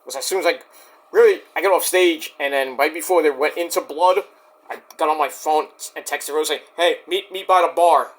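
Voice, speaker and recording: A man speaks straight to the camera in a rambling vlog rant, his voice sitting high for a man. He is indignant and defensive, repeats himself, restarts his sentences and swears freely at the people who doubt him. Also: brisk. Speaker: YouTube wrestling reviewer. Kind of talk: ranting vlog address to critics.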